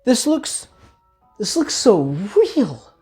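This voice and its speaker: A startled grandmother around seventy, her voice quavering and climbing high, as a storyteller puts her on. She sounds a little distant and swoops up and down. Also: big pitch swings, very slow, warm tone, soft background music, full character voice. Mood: curious.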